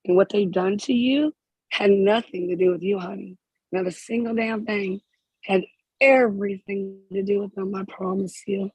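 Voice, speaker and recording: A spiritual healer speaking in emotional counseling to a group member, halting and repeating phrases, close to tears. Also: mid-range voice, fairly even intonation, breathy edge, no room sound, poor audio.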